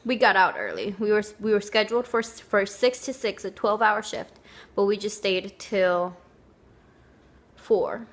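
A woman's voice: medium pitch, lively intonation, a little slow. A young woman chatting casually to camera, telling a rambling story with lots of fillers. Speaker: vlogger.

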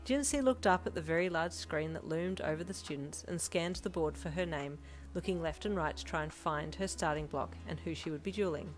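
A woman's voice: low voice, fairly quick, soft background music, low-quality recording. Woman narrating a fanfiction story. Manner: expressive reading aloud. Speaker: fanfiction reader.

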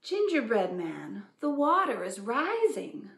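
A woman voicing a sly, smooth-talking male fox in a coaxing, falsely friendly way for a storybook reading. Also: a little high, very animated, takes it slowly, slight background noise, full character voice. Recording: echoey room.

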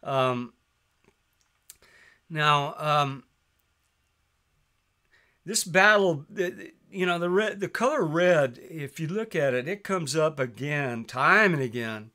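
A man preaching a sermon, reading scripture aloud with emphasis and dropping his voice softly when he addresses his listeners as beloved. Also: fairly high pitch, lively intonation, takes it slowly, long pauses. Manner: reads scripture in a raised, emphatic voice, drops soft on "beloved".

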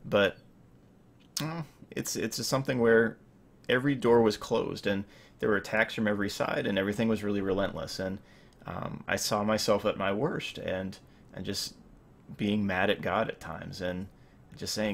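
A man's voice: fairly low pitch, fairly even intonation, moderate pace, gravelly. A man in his thirties giving an informal sermon as pastor, rambling with many fillers and restarts.

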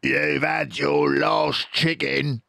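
An older man voicing Boggis, a fat, furious male farmer who shouts his lines. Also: a little high, little pitch movement, extremely slow, gravelly, no room sound, studio quality, voice pushed up, exaggerated voice. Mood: shouting, furious. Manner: shouting, raised and angry.

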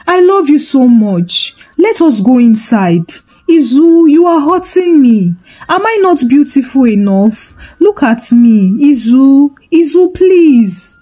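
A woman's voice: high voice, very animated, slow, few pauses, mellow, heavily acted. A woman voicing a bewitched mother who pleads desperately with her son. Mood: begging.

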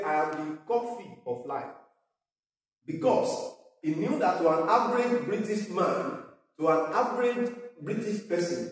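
A man's voice: high-pitched, darkish tone. A man preaching a sermon as pastor, talking conversationally with fillers and asides. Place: parish church. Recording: echoey church hall from far off.

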